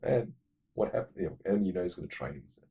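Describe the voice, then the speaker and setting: A man's voice: low-pitched, expressive, quick pace, vocal fry, dark tone, husky, highs cut off. A man casually retelling a movie plot for his film-ranking vlog, digressive, blunt and profane. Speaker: movie list vlogger.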